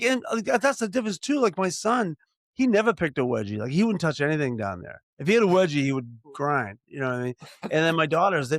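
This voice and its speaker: A man's voice: fairly high pitch, no echo, studio quality. An older man, a podcast co-host, telling family stories in a rambling, casual chat full of restarts and fillers.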